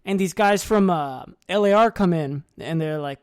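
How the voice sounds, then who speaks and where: A man's voice: high voice, normal speed, clean tone. A young man telling a barracks story in casual, profane chat, laughing often and acting out what people said. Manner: animated, profane, laughs often, acts out quoted lines. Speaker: podcast guest.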